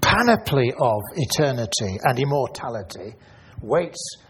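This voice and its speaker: Husky-voiced man musing through a sermon. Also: medium pitch, big pitch swings, unhurried, a bit bright. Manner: musing, questioning, repeats words. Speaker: preacher. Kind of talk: Bible study sermon.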